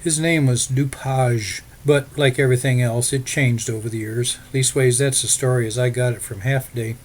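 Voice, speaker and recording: A man's voice: mid-range voice, fairly even intonation, normal speed, slight background noise, natural voice. A man doing a folksy young frontier farmer's son. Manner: plainspoken, folksy. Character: friendly young male settler farmer's son.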